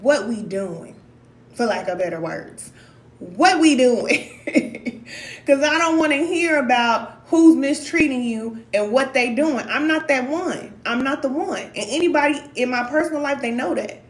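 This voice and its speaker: A woman's voice: high voice, lively intonation, normal speed, few pauses, reverberant. A woman from Missouri giving a blunt, emphatic motivational talk as a spiritual life coach.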